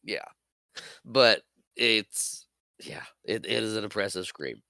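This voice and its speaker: Gravelly, low-voiced man chiming in. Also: animated, takes it slowly, sharp tone, no room sound. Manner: short agreeing replies, laughs along. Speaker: podcast co-host. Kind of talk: casual movie recap chat.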